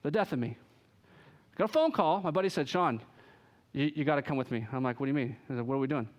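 A man preaching a sermon, telling stories with lively energy and acting out the voices of the people in them. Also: mid-range voice, fast talker. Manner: animated storytelling, acts out quoted voices. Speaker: pastor.

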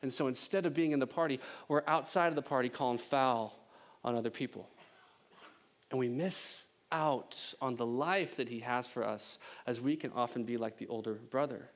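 A male pastor preaching a sermon, animated and emphatic, with playful joking asides. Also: medium pitch, normal speed.

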